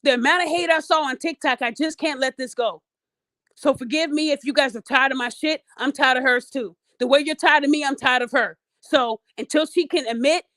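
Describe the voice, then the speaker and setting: A woman's voice: high-pitched, a little fast, a bit bright, dry recording, clean studio sound. A woman podcast host giving blunt, profane commentary straight to her audience. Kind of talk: ranting commentary.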